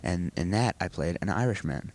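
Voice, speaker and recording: A man's voice: low voice, expressive, normal speed, a little mellow. A teenage boy, a student actor, talking earnestly and at some length in a school video interview. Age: teens. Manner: earnest, rambling explanations.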